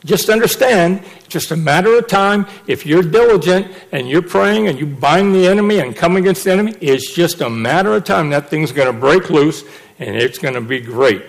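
A middle-aged male preacher delivering a sermon in a somewhat high voice. He presses his points hard and hammers key phrases again and again. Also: animated, moderate pace, gravelly, low-quality recording. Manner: emphatic, repeats phrases for stress.

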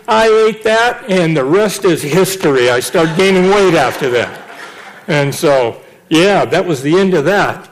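High-voiced animated male preacher. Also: a little slow, slight background noise. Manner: animated storytelling, acts out quotes. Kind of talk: sermon with personal testimony.

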